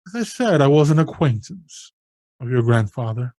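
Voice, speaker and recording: A game master voicing a mysterious old male curator who speaks calmly and cryptically. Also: medium pitch, normal speed, no echo, studio quality, voice pushed down, natural voice. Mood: cryptic. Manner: calm, politely cryptic.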